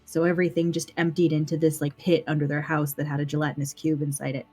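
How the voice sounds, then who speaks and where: A woman with a very low, mellow voice that barely rises or falls. She tells a story at the table in a dry, matter-of-fact way, with soft music beneath. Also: completely flat delivery, fast, husky. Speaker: player. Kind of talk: casual tabletop game play.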